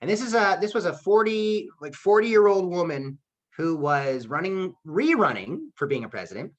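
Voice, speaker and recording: A man's voice: high voice, sing-song, moderate pace, lo-fi sound. A man teaching a public speaking lesson online over a video call, keeping his delivery upbeat and acting out the voices in his examples. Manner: upbeat, acts out quoted voices.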